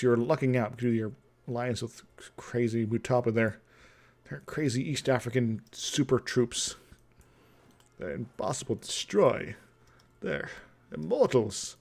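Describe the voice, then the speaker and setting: Gravelly young man musing over a game. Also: medium pitch, a little mellow. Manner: musing aloud, chuckling, humming to himself. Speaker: streamer playing a strategy game. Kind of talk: casual gameplay commentary.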